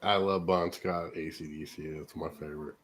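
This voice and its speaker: A man's voice: low voice, steady tone, normal speed, fairly bright tone, breathy edge. A man from California hosting a radio show, chatting casually and enthusiastically and laughing easily. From California, USA.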